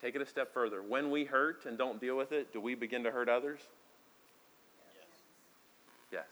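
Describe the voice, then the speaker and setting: A man preaching a sermon as pastor, talking conversationally and moving between quiet asides and loud, emphatic lines. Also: mid-range voice, moderate pace. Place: church sanctuary.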